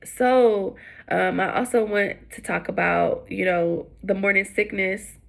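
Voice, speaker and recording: A young woman vlogging her story in a casual, rambling way, full of "um" and "like". Her voice carries a gravelly, creaky edge at mid pitch, and she leaps up high whenever she mimics someone else. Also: fairly even intonation, a little slow. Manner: chatty, many fillers, acts out quotes with high voice.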